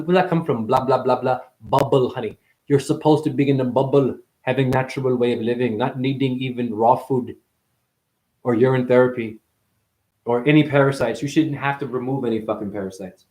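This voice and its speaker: A man delivering a rambling spiritual monologue, profane and full of wordplay, who calls the listener honey and swings from mutters to excited outbursts. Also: mid-range voice, moderate pace, pauses often. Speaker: spiritual speaker. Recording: roomy echo.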